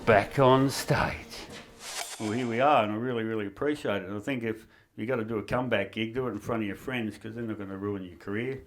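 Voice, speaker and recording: A man's voice: fairly low pitch, steady tone, quick pace, over music. An Australian man doing a crude, wry stand-up comedy set in a small backyard shed. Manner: crude, wry punchline delivery.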